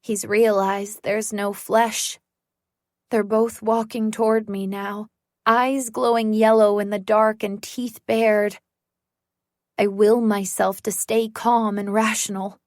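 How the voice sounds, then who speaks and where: Woman audiobook narrator, unhurried suspense read, dry studio sound. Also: mid-range voice, little pitch movement, no room sound. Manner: measured, suspenseful storytelling. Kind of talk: first-person thriller narration.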